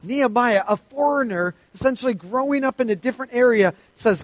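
A man preaching a sermon to a youth audience, reading scripture aloud with emphatic, animated delivery. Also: very high voice, fairly quick, few pauses, no room sound, low-quality recording.

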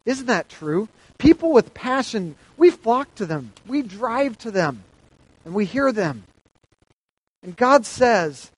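A man delivering a sermon in a fairly high voice, animated and emphatic as he reads scripture aloud. The sound is dry and close, with no room echo. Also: measured pace. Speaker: preacher.

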